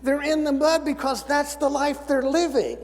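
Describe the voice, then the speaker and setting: A man's voice: very high voice, moderate pace. A man in his seventies preaching a sermon, folksy and storytelling with dry humor. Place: church sanctuary. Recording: church sanctuary with long reverb.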